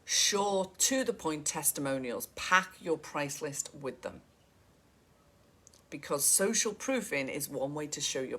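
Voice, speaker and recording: A woman's voice: lowish voice, fairly bright tone. A middle-aged woman giving a chatty, direct coaching talk to photographers and calling them "guys".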